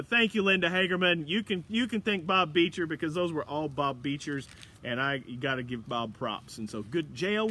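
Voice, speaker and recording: Folksy middle-aged pastor on livestream. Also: male voice, on the high side, bright, forceful tone, a little hiss or hum. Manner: folksy, chatty, greets viewers by name. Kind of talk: livestream prayer and dad jokes. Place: church or home, livestream.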